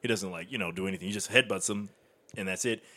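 A man's voice: sits low, quick pace, bright, forceful tone, dry recording. A man casually recapping an action movie, swearing freely and acting out lines from it. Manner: profane, laughing, acts out quotes.

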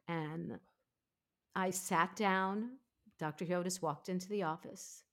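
A woman in her fifties, a podcast host, telling her own story in a candid, emphatic, animated way. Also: fairly low pitch, measured pace, long pauses. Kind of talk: candid conversational interview.

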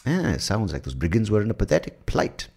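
A man's voice: fairly low pitch, animated, fast, darkish tone, slightly rough. A man with an Indian accent hosting a podcast, rambling, crude, and self-mocking in a comic monologue. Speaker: podcast host.

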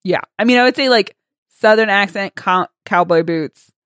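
A woman's voice: mid-range voice, normal speed, fairly bright tone, no room sound, clean studio sound. A woman co-hosting a podcast, recapping a TV episode in casual chat, swearing freely and quoting characters in funny voices. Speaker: podcast co-host.

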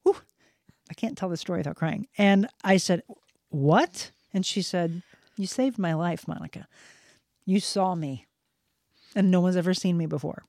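A woman's voice: on the low side, normal speed, creaky, long pauses, darkish tone, dry recording, studio quality. A woman guest on a podcast, telling a heartfelt personal story in casual chat, earnest and sincere.

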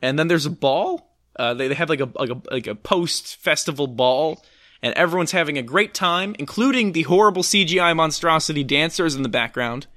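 A man's voice: fairly high pitch, lively intonation, brisk, pushed and bright, dry recording, clean studio sound. A man co-hosting a casual movie chat, sarcastic and rambling, with lots of fillers. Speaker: podcast co-host. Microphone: close to the mic.

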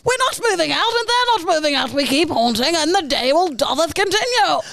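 A woman's voice: sits high, very animated, fairly quick, vocal fry, a bit bright, dry recording, full character voice. A woman putting on a haughty posh English ghost. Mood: indignant. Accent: posh English put-on. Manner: haughty, indignant.

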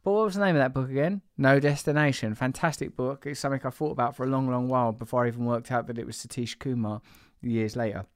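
A man's voice: medium pitch, fast talker, no echo, clean studio sound. A man hosting a casual podcast, rambling and jokey, teasing his co-worker and trailing off with fillers. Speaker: podcast host.

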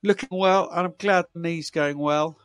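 Rambling podcast host, fairly high voice. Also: male voice, steady tone, normal speed, clear, resonant tone, no echo. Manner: rambling, many fillers and restarts. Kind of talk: casual podcast chat.

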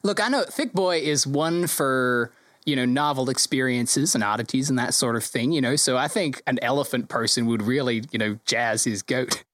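A man narrating a tabletop game as game master, relaxed and rambling. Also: medium pitch, normal speed, no room sound, clean studio sound.

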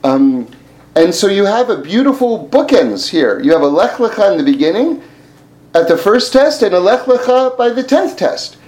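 A man giving an informal Torah class, animated and often laughing, repeating words as he thinks. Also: high-pitched, moderate pace, rough recording. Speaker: Torah teacher.

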